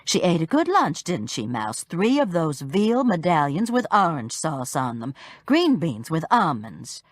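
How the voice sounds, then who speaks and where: A plainspoken older sister, played by a woman narrator, chatty and matter-of-fact. Her voice sits a bit low with lively swings in pitch. The reading is slow and dry. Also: no echo, exaggerated voice.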